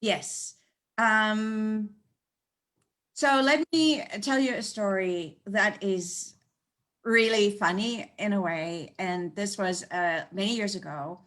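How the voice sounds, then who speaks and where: Woman telling animated stories. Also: medium pitch, slow pace. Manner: animated, laughs often while telling stories. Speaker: animal communicator. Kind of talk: storytelling in a conversational interview. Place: United States.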